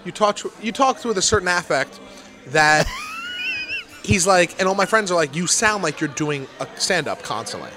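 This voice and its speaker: A man hosting a casual comedy podcast, swearing freely and talking in quick, animated asides. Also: high voice, music in the background. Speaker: podcast host.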